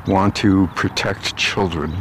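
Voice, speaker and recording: A man's voice: low voice, steady tone, fairly bright tone, slight background noise. A man rambling aloud in a meandering walk-and-talk monologue, outdoors on his way home through a park. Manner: meandering, musing aloud with pauses and restarts. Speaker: vlogger.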